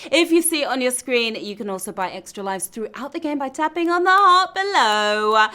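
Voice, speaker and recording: A woman's voice: high voice, lively intonation, moderate pace, sharp tone. A woman hosting a live trivia game show, reading questions and tossing out playful, teasing quips between answers. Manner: playful, quippy, teasing asides. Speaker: quiz show host.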